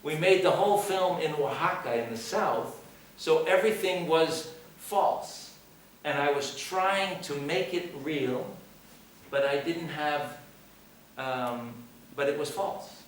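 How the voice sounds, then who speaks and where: A man's voice: on the high side, takes it slowly. A man from the United States, a film director speaking at a screening Q&A, talking emphatically with repeated phrases and rhetorical questions. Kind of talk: post-screening Q&A talk. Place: cinema hall. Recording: echoey hall, voice from far off, faint noise.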